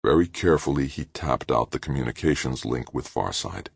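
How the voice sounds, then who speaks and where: A man narrating an audiobook in a steady, measured reading. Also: rumbling low, creaky, slightly rough, dry recording. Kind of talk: scripted narration.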